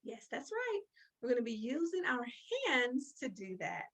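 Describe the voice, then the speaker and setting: A woman's voice: fairly high pitch, big pitch swings, a bit bright, poor audio. A woman teaching a children's phonics lesson, encouraging and drawing out words as she claps along. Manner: slow, sing-song and encouraging, drawing out words.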